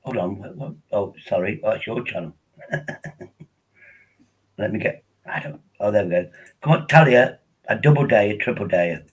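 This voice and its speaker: Older guy, husky and lowish, chats rambly with his stream from a laptop at home. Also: normal speed, long pauses, poor audio. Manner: rambling, chatty, friendly. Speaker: live-streamer. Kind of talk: casual live-stream chat.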